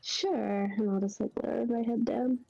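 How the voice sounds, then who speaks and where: A woman playing a tabletop game, giving relaxed, amused answers. Her voice is dark and mellow with a gravelly edge. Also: fairly high pitch, moderate pace, muffled recording. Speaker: player.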